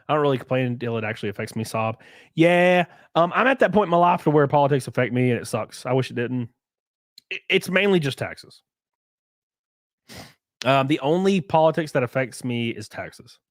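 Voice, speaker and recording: A man hosting a livestream, reading viewer donations and ranting in a profane, excitable way. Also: mid-range voice, no echo, clean studio sound. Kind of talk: casual livestream chat and rant.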